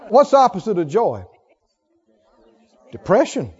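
Animated high-pitched male preacher. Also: slow, highs cut off, a faint crowd. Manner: emphatic, repeats key phrases, swings from loud to soft. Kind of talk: sermon.

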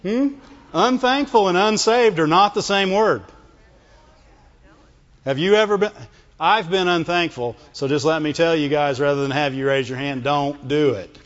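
Animated high-voiced preacher in a reverberant hall. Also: male voice, normal speed. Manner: animated, acts out whining voices, laughs often. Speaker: pastor. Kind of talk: sermon. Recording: dull sound with long hall reverb.

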